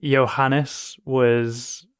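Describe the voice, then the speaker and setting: A woman who runs the game as game master, chatting casually in an unhurried, thoughtful way. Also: very deep voice, flat delivery, smooth. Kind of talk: casual chat.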